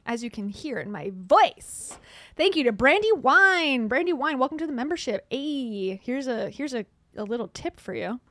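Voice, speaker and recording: A millennial woman from the Midwest giving sarcastic commentary, reading posts aloud with deadpan asides. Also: high voice, moderate pace, no room sound. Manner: snarky, deadpan asides with sudden laughs. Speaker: commentary streamer.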